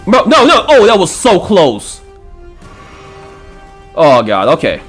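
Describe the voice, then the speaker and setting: A man giving excitable gameplay commentary, swearing and trash-talking enemies with frequent panicked outbursts. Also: high voice, slow pace, husky, soft background music. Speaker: gaming channel host.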